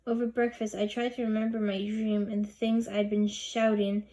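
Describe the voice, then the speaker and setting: A woman narrating a children's novel aloud in a steady, expressive reading. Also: mid-range voice, normal speed. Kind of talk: storybook narration.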